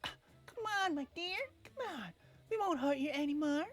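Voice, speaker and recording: A man voicing an excitable, high-strung young male soldier in a shrill, frantic voice while playing a game. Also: normal speed, faint music behind, heavily acted. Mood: soothing.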